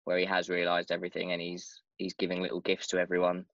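A man's voice: deep voice, monotone, fast talker, a bit bright, no room sound, highs cut off. A man in casual podcast chat, earnest and emotional, with stumbling restarts. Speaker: podcast co-host.

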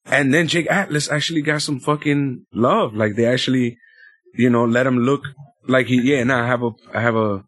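A man's voice: medium pitch, moderate pace, fairly bright tone, dry recording. A man co-hosting a casual wrestling chat, loose and profane, rambling with filler words. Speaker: podcast co-host.

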